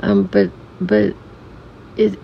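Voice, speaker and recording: A middle-aged woman telling a reflective personal story as a podcast guest, softly and haltingly, with many restarts and some near-whispers. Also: mid-range voice, sing-song, creaky. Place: room in a family home. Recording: dull recording with faint air conditioner hum. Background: air conditioner hum.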